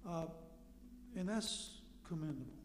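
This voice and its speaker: A man preaching a sermon in a conversational way, asking rhetorical questions and suddenly getting loud for emphasis. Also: on the high side, animated, a little slow, slight background noise. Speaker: pastor. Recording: echoey hall with long reverb.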